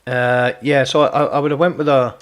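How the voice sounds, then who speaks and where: A man's voice: medium pitch, little pitch movement, normal speed. A man chatting casually while streaming a game, teasing viewers and stumbling over repeated words. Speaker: gaming streamer. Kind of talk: casual live gameplay chat.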